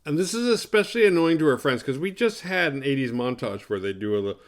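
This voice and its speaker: A man's voice: fairly high pitch, expressive, fast. A man hosting a horror movie review show, recapping the plot in a rambling, profane, sarcastic way.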